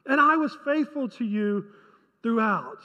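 A man's voice: extremely high pitch, expressive, unhurried, sharp tone, long reverb tail, highs cut off. A male pastor preaching a conversational sermon, often asking the congregation rhetorical questions.

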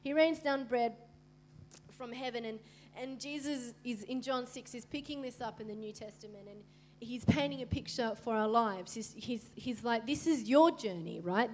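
High-voiced woman preaching animatedly. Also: moderate pace. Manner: lively, acts out voices of the people and Jesus. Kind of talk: sermon.

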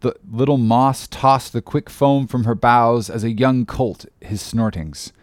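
A man narrating a classic sea story in an expressive, dramatic reading voice. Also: mid-range voice, unhurried, no room sound. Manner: expressive, rising with the action. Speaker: audiobook narrator.

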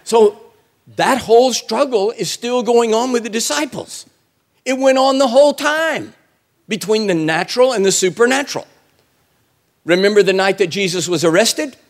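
Animated high-voiced man preaching. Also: moderate pace. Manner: animated storytelling, acts out voices with big pitch swings; colloquial, humorous. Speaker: guest preacher. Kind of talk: sermon.

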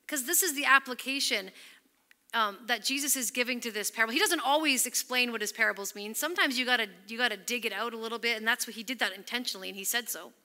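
A woman pastor delivers an earnest sermon in a very bright, somewhat high voice. She presses her points emphatically, then sinks almost to a whisper when she quotes scripture. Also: quick pace.

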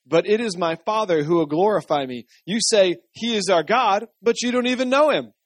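A pastor reading out Jesus, a calm and authoritative teacher who declares each line with weight. The voice sits fairly high for a man and the sound is dry. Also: moderate pace, no echo. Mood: declaring. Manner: emphatic, declaring. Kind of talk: dramatic scripture reading in a sermon.

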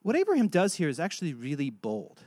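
A man preaching a sermon, telling a Bible story and acting out its dialogue with animated delivery. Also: on the high side, fast, no echo, clean studio sound. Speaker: pastor.

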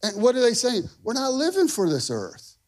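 A male pastor preaching a sermon, energetic and emphatic, repeating phrases for punch and throwing in casual asides to the congregation. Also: very high voice, moderate pace.

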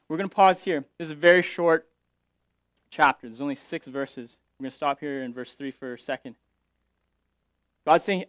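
Male pastor, slightly high voice, dry close sound, relaxed explanatory sermon with restarts. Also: moderate pace, pauses often, dry recording. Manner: explanatory, paraphrasing scripture with frequent restarts.

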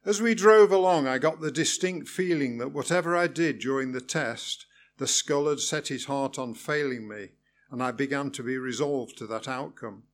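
A man's voice: mid-range voice, moderate pace. Wry man reading his story. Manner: wry, good-humoured storytelling. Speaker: narrator. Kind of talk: first-person story reading.

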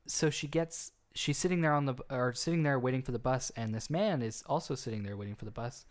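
A man's voice: medium pitch, fairly quick. A man casually telling an urban legend on a podcast, rambling with restarts. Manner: rambling, frequent restarts and fillers. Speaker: podcast co-host telling a story. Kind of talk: casual storytelling chat.

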